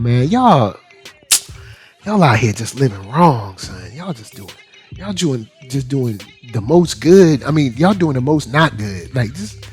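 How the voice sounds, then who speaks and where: Animated man hosting an anime review show. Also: medium pitch, breathy edge. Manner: animated, slangy, laughing often. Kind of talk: casual commentary.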